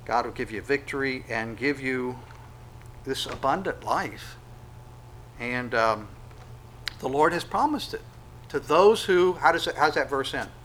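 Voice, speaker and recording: Male pastor, conversational sermon delivery, bursts of loud acted-out dialogue, crisp bright tone. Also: mid-range voice, expressive, measured pace, long pauses, slight background noise, poor audio. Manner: conversational preaching with sudden loud acted-out quotes.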